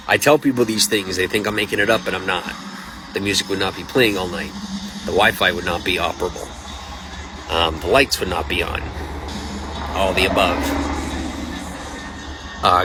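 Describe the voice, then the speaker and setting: A worn-out man with a low voice talks on a late-night livestream from his phone, rambling and emotional. He sounds spent and trips over his words. Loud music plays from a nearby speaker in the restaurant. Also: low-quality recording. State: exhausted.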